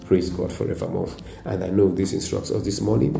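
Nigerian male pastor, lowish gravelly voice, emphatic repeating sermon, roomy echo with faint music behind. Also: a little fast, few pauses. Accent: Nigerian English. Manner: emphatic preaching with repetition and frequent "praise God".

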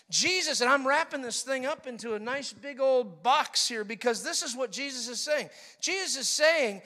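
A man preaching a sermon in an animated, joking way, acting out voices with sudden loud outbursts. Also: very high voice, moderate pace, few pauses. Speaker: pastor.

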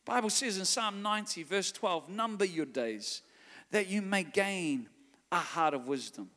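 A man's voice: high voice, lively intonation, measured pace, pushed and bright. A New man in his forties preaching a sermon, telling a story and building to fervent calls. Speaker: pastor. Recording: long hall reverb.

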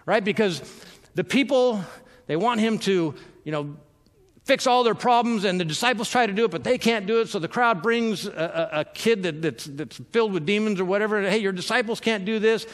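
A male pastor preaching in an easy, chatty way. His voice sits a little high, and it trails off into a long hall echo. He keeps stumbling over repeated words and fills the gaps with ums. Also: normal speed. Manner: conversational, filler-heavy, self-interrupting with repeated words. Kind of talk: sermon.

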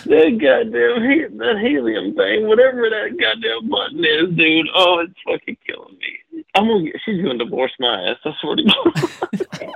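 Male caller, husky and bouncy, constant laughter and cursing, dull lo-fi line. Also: high voice, expressive, normal speed, no room sound. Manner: laughing constantly, profane and rambling. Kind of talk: casual phone call-in chat. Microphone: phone.

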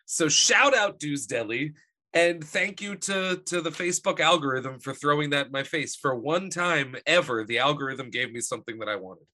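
Bright, punchy male co-host; profane and animated, ranting through casual comic stories. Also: fairly high pitch, moderate pace. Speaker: podcast co-host. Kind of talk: casual comedic chat.

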